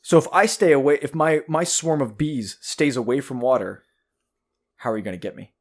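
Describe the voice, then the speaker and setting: A man's voice: medium pitch, moderate pace. A young man co-hosting a podcast who swears freely and teases his friends during a card game. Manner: swears a lot, teasing, animated. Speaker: podcast co-host. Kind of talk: casual game chat.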